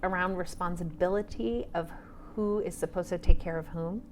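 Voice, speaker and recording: A woman's voice: lowish voice, moderate pace, a little hiss or hum. A woman in her forties, an author and trauma therapist, talking animatedly on a panel and dropping to whispers for asides. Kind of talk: casual panel conversation.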